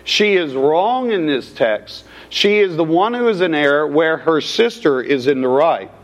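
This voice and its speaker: A man's voice: a little high, animated, unhurried. A man preaching an expository sermon, asking rhetorical questions and addressing the congregation as folks. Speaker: pastor.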